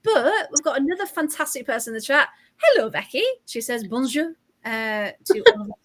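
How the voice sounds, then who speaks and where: Brief: woman, podcast host, fairly high voice, chatty and full of ums. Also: animated, brisk. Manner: chatty, reads out chat messages, frequent ums. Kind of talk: casual chat and live match watch-along.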